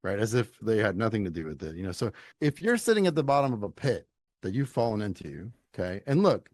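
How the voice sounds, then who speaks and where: A middle-aged man from Louisiana, a leadership coach talking as a podcast guest in an animated, emphatic, folksy storytelling way. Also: on the low side, fast, dry recording. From Louisiana, United States. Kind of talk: conversational interview.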